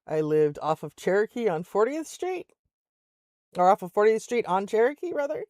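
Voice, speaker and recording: This older woman's medium-pitched voice is very animated, darkish and at normal speed, captured at studio quality with no room sound. Streaming a game from her Alaska home, she chats casually, telling stories, laughing frequently and performing other people's voices.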